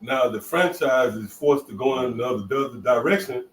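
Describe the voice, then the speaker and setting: Mid-pitched man affirming in an echoey room. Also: brisk, recorded from a distance, slight background noise. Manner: affirming, with frequent "right" and "mm-hmm". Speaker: group member in scripture discussion. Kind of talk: casual group discussion of scripture. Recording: echoey room, voice from off-mic, faint ambience.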